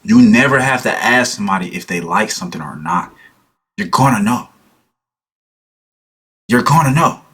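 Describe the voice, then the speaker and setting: Man, husky voice, very lively pitch, casual reaction chat, mimics voices. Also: moderate pace, long pauses. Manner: animated, mimics voices of people he watches. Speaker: reaction video host.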